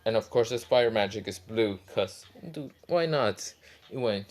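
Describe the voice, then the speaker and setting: A man's voice: fairly low pitch, a little slow. Rambling casual male storyteller. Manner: rambling, many fillers, swearing. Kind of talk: casual fan-fiction retelling.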